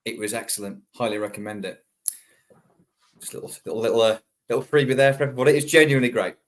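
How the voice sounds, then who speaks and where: A man's voice: medium pitch, fairly even intonation, rapid-fire. A man, a regular pundit on a football podcast, friendly and enthusiastic, laughing easily. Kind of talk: casual football podcast chat.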